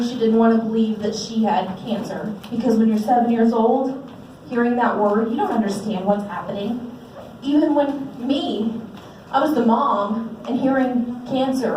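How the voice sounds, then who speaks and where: An earnest woman in her forties tells her story to an audience, her voice a little high yet mellow. She sounds heartfelt and sincere. The microphone picks her up from a distance in a very echoey hall. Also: a little hiss or hum. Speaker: parent speaker at a fundraiser. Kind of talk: personal testimony speech to an audience. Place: large event hall. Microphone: handheld microphone.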